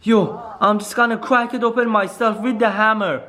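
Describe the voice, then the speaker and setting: A man's voice: high-pitched, fairly even intonation, normal speed, pushed and bright, a little hiss or hum. A young man acting out a scripted horror skit for his vlog, panicking and repeating his exclamations. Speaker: vlogger.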